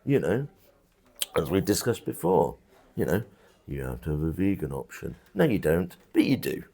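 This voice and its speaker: This is a pub landlord chatting in an interview. His voice sits low and has a gravelly edge. He talks bluntly and loosely, full of restarts and asides. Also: big pitch swings, normal speed, warm tone. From England. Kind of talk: casual interview chat. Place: country pub bar.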